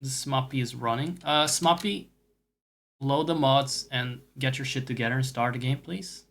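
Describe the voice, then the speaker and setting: A game streamer with a medium-pitched, slightly bright and creaky voice chats casually at a moderate pace while playing. His talk is rambling and profane, dotted with self-mocking asides.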